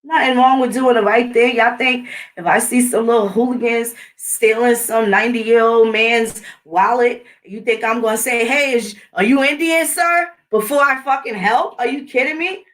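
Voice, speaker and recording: A middle-aged woman speaks straight to her channel's viewers in a casual, combative rant. She talks bluntly and swears often. Her voice sits a little higher than most women's. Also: fairly even intonation, normal speed, recorded from a distance. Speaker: channel host. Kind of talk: casual ranting monologue.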